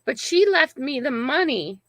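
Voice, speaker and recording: A woman's voice: sits high, big pitch swings, a little slow, fairly bright tone, no room sound. An older woman hosting a casual livestream, telling a family story in a rambling, emphatic way and often checking in with "right?". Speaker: channel host.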